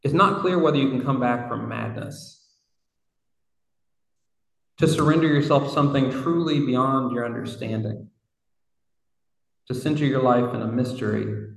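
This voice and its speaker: A man's voice: mid-range voice, vocal fry. A man preaching a sermon in a reflective, conversational way, with casual asides. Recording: roomy hall from far off.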